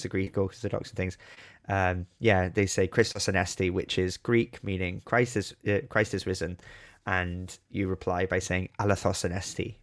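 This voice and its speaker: A man co-hosting a podcast in casual chat, playful and animated, acting out quotes as he talks. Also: low-pitched. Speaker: podcast co-host.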